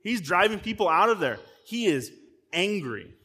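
A man preaching a sermon as a guest pastor, with a voice pitched a little above most men's. He talks to the congregation in a direct, conversational way. He often stumbles over and repeats short words as he goes. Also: very animated, moderate pace, pushed and bright, breathy edge. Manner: frequent word repeats and restarts.

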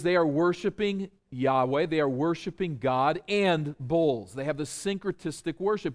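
Walking his listeners through the text step by step, a fairly high-pitched man delivers an expository sermon, emphatically putting rhetorical questions to them.

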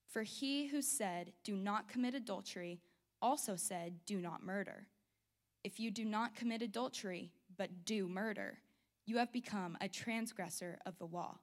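A woman reading a scripture passage aloud in a measured, formal way. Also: mid-range voice. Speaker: scripture reader.

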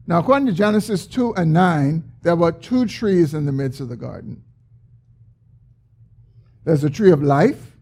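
A man preaching a sermon, explaining a scripture passage with emphatic, drawn-out stresses. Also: on the high side, mellow. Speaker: pastor.

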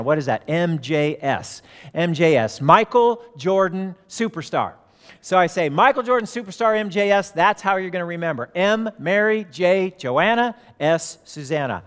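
Preaching man in a reverberant hall. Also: on the high side. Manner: storytelling, acts out quoted voices. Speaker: pastor. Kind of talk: sermon.

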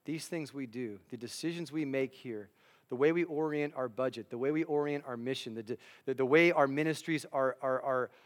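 A man's voice: mid-range voice, fairly quick. Earnest man preaching a sermon. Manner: earnest, conversational preaching with many restarts. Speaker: district superintendent and chaplain preaching.

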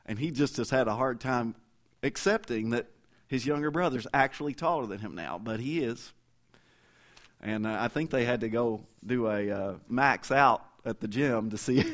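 A middle-aged man preaching a sermon as pastor, in a folksy, conversational way, with stories and asides to the congregation. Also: mid-range voice.

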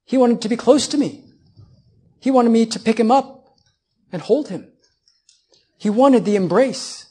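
A man's voice: very high voice, a little slow, pauses often, dark tone, breathy edge. A man in his thirties preaching a sermon as a pastor, building on repeated phrases and putting rhetorical questions to his congregation.

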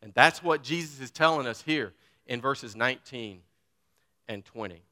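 Bright, clear-voiced male pastor preaching. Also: medium pitch, normal speed, in a large hall. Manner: reads scripture, then talks informally and grows emphatic. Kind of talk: sermon.

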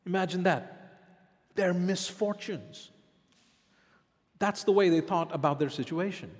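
A man's voice: sits high, unhurried, in a large hall. A man preaching a sermon as pastor, asking the congregation rhetorical questions.

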